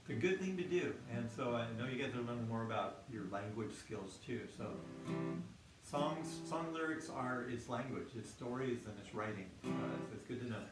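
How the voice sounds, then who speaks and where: A man gives a relaxed music lesson for children, speaking plainly and breaking into simple explanations with small fillers. His voice sits at a middle pitch and rings through a roomy space, set a bit back from the microphone. Loud instrument music plays behind him. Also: moderate pace, recorded from a distance. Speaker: music teacher. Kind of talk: teaching a kids' music class on video. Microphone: single microphone near his instrument.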